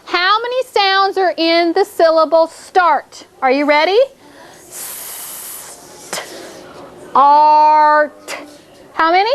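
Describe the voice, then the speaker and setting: A woman's voice: very high voice, normal speed, few pauses, a bit bright. A woman teaching a fourth grade phonics lesson in a classroom, drawing out her prompts and repeating cues as the class thinks.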